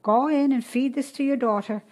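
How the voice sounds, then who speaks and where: A woman voicing a calm middle-aged midwife who soothes and gives firm orders. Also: high-pitched, moderate pace, pitched above the performer's own voice. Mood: firm, soothing.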